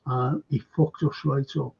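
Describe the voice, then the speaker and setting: An older man hosting a casual fan podcast, rambling, animated and swearing a lot. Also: medium pitch, moderate pace, creaky, slightly rough. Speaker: host. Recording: dull lo-fi call audio.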